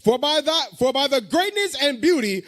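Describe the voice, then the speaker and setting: Man, scripture reader, very high pitch, lively, halting reading. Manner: halting, repeats words as he reads.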